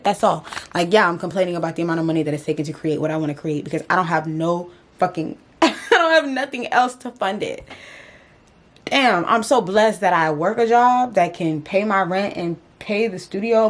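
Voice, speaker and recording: A woman vlogging candidly to camera, slangy and emotional, talking herself through her doubts. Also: on the low side. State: tearful, voice breaking. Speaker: vlogger and podcast host. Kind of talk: candid confessional vlog.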